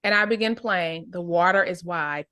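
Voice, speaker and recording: A woman teaching an adult English book club, reading a novel aloud and then explaining it slowly and clearly. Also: fairly low pitch, sharp tone. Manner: slow, clear teacher explanations with check-ins.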